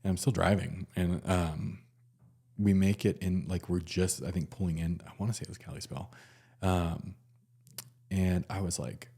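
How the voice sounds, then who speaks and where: Low-voiced man telling a halting story. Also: steady tone, vocal fry, warm tone, husky. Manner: halting, many fillers and restarts. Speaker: nurse. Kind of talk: casual personal storytelling.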